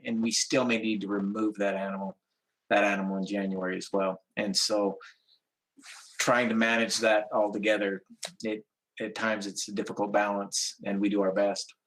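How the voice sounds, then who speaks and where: A man from a wildlife agency answering questions at a public meeting in a measured, explanatory way with frequent restarts. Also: on the low side, a bit bright, low-quality recording.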